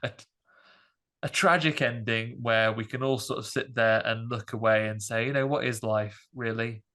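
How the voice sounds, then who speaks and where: A man hosting a podcast, chatting casually about a film in a rambling, animated way with many fillers. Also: medium pitch, moderate pace. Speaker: podcast host. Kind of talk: casual film review chat.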